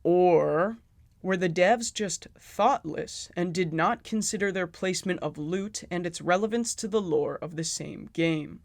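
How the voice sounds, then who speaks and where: A man's voice: high-pitched, measured pace, hardly any pauses, dry recording. A man giving sarcastic, profane commentary on a video game. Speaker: video essayist.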